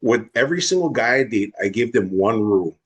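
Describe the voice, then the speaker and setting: Husky Hawaii guy telling stories fast. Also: fairly low pitch, lively intonation. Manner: fast, unfiltered storytelling with acted-out quotes. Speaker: guest. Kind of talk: casual storytelling.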